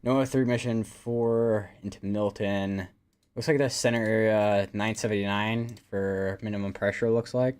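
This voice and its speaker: A man's voice: on the low side, steady tone, measured pace, darkish tone, clean tone. A man hosting a live weather stream, talking casually and rambling with lots of fillers and restarts. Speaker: livestream weather host.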